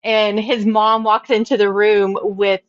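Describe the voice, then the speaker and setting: A woman's voice: medium pitch, level tone, measured pace, dry recording, lo-fi sound. A bubbly woman author in her thirties, chatting casually on a podcast and laughing at her own stories. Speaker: author guest.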